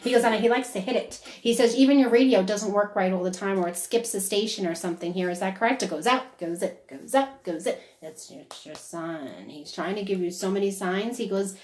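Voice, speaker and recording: A woman working as a psychic medium, giving a chatty conversational reading and relaying quotes in lively bursts. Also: medium pitch, brisk, few pauses. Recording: echoey room.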